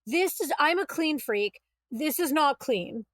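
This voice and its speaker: Woman with a high voice telling her story, animated, dry close mic. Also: unhurried, dry recording. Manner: animated, quotes herself and others, exasperated retelling. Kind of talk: casual storytelling.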